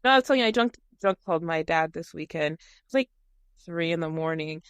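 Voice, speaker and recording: Lively, giggly woman podcast co-host. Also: deep voice, fast, smooth, no room sound, clean studio sound. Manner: giggly, animated storytelling. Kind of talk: casual chat.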